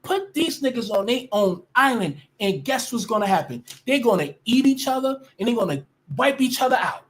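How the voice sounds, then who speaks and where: A woman's voice: fairly high pitch, big pitch swings, moderate pace, few pauses. Blunt, profane woman ranting. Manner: blunt, profane and emphatic, with many restarts. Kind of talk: casual rant to camera.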